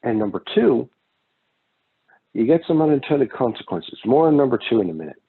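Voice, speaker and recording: A man lectures on economics in a loose, conversational way and often wanders into stories from his own travels. His voice is husky. The recording sounds thin and phone-like. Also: mid-range voice, very animated, a little fast. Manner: casual, digressive, with personal anecdotes. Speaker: economics instructor.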